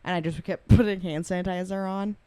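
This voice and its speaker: A woman's voice: lowish voice, steady tone, brisk, dark tone, smooth. A young woman co-hosting a podcast, candid and swearing casually, with dry jokes. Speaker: podcast co-host. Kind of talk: casual chat. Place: studio.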